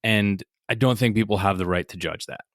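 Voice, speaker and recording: Blunt New man, low voice. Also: fairly quick, dry recording, clean studio sound. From northern New Jersey. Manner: blunt, opinionated, swears freely. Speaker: podcast host. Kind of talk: casual interview chat.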